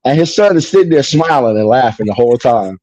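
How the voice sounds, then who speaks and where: Mellow man telling his story. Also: mid-range voice, fast talker, no echo. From Chicago. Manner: animated, mimics people in quotes, streetwise slang. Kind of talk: casual storytelling conversation. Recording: dull lo-fi broadcast audio.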